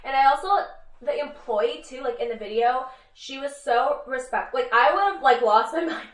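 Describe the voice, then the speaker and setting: Young female co-host, lively storyteller, slightly high, roomy off-mic sound. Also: normal speed. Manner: animated, lots of fillers, acts out quotes. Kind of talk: casual news recap chat. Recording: roomy and a bit distant from mic.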